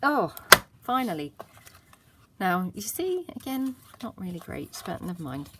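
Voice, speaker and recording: A woman's voice: lowish voice, very animated, normal speed, slight background noise. A woman hosting a casual craft tutorial, chatting and muttering to herself as she works, cheerfully self-deprecating.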